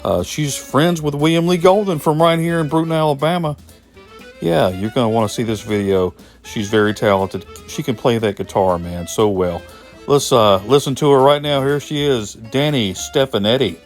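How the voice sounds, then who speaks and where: A man's voice: medium pitch, normal speed, faint music behind. A man hosting an interview, chatting in a rambling, folksy, self-deprecating way. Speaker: host. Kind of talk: casual interview chat.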